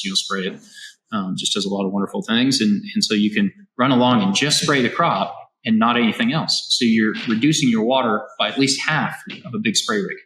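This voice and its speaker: A man with a low voice tells his farming story as an interview guest, energetic and full of restarts. He sounds from Kansas. The room around him is echoey. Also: brisk. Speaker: farmer and robotics company founder, guest. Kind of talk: casual interview conversation. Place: on a farm.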